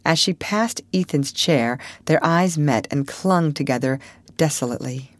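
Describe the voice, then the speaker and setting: A woman narrating an audiobook in a measured, expressive reading. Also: deep voice, dry recording. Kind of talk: scripted narration.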